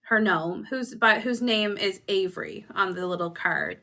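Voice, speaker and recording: A woman's voice: medium pitch, measured pace, bright, forceful tone. A woman with a Canadian accent co-hosting a podcast, telling a story in casual chat and acting out quotes with laughter. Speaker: podcast co-host.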